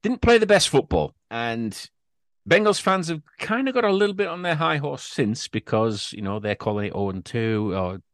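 A man's voice: mid-range voice, sing-song, normal speed, dry recording. English guy hosting a sports podcast, laid back, bit teasing, dry mic. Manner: easygoing, teasing, steers the show along. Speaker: podcast host. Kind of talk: casual sports chat.

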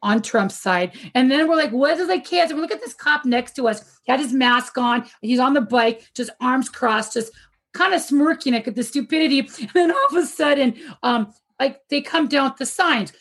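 High-voiced laughing woman telling a story. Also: lively intonation, normal speed, a bit bright. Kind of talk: casual chat over video call. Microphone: video call.

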